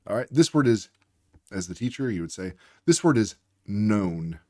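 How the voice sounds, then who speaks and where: Low-voiced man explaining phonics. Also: very animated, moderate pace, a little mellow, dry recording. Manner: patient, explanatory, acts out teacher and student. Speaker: reading tutor. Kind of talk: instructional demonstration.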